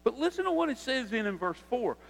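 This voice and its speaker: High-voiced preacher in a reverberant hall. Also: male voice, big pitch swings, a little fast, vocal fry. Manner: earnest, conversational preaching with direct questions to the congregation. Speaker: pastor. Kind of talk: sermon.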